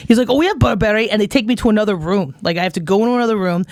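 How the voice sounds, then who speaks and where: A woman's voice: mid-range voice, very fast, darkish tone, no room sound. A woman comedian telling rambling, profane stories in a casual podcast chat on a close mic. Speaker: comedian guest.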